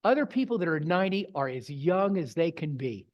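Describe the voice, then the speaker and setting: A man's voice: a little high, big pitch swings, fairly quick, muffled recording. A middle-aged man, presenting to a photography club in a folksy, digressing storytelling way. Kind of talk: casual talk with slides. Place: club meeting room.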